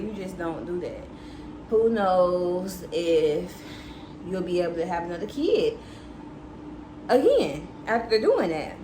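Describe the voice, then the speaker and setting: Young woman spilling a story to her viewers, chatty and blunt, roomy echo, background hiss. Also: medium pitch. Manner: candid, swears freely, chatty and animated. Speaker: vlogger. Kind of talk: casual storytime chat. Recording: echoey room with background noise.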